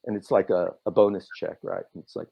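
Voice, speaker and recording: A man telling stories as a podcast guest, animated and lively, throwing his voice up high when he acts out what people said. The sound is a little dull and lo-fi. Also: fast, vocal fry, slightly rough. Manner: animated, acts out quotes with big swings in pitch. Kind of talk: casual storytelling.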